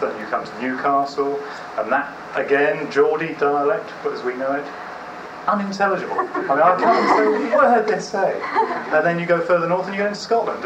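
A man's voice: a little high, animated, quick pace, lo-fi sound. A man, answering interview questions in a wry, joking way. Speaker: guest. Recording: distant roomy mic with noise.

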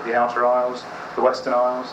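A man's voice: mid-range voice, monotone, fast talker. A man, answering interview questions in a wry, joking way. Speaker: guest. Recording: distant roomy mic with noise.

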